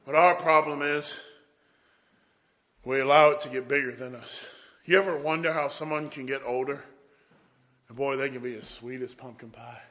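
A man's voice: medium pitch, fairly even intonation, moderate pace, pauses often, pushed and bright. A man preaching a sermon, telling folksy stories and often saying "boy".

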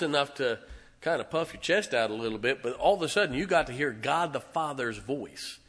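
Male pastor, sermon, bright forceful voice, animated, emphatic, congregation call-outs. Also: mid-range voice, brisk. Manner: animated, excitable preaching.

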